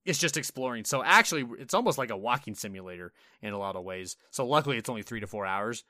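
This co-host of a laid-back gaming podcast talks fast in a fairly low but bright, forceful voice, captured close with no echo. His stories are animated and profane, and he quotes his own frustrated reactions as he goes.

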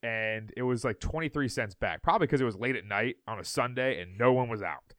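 A man's voice: medium pitch, a little fast, a bit bright, dry recording. Rambling, laughing male podcast co-host. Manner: rambling storyteller, stammers and restarts, laughs as he tells it. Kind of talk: casual chat.

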